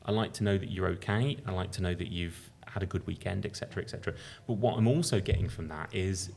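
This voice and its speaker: A man with a Birmingham accent, a company founder talking things through on a casual podcast, relaxed and thinking aloud with fillers and restarts. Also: deep voice, fast, gravelly, a little hiss or hum. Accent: Birmingham English. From England. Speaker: company founder being interviewed.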